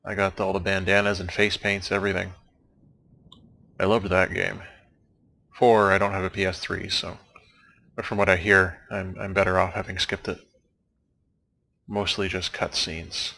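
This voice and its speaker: A young man with a low, gravelly voice that still cuts through bright and forward. He chats loosely over a game's credits, tossing off dry, wry asides as he drifts from one topic to the next. A faint hiss sits under the recording. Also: little pitch movement, normal speed, pauses often. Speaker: let's play commentator. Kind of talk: casual rambling commentary over game credits.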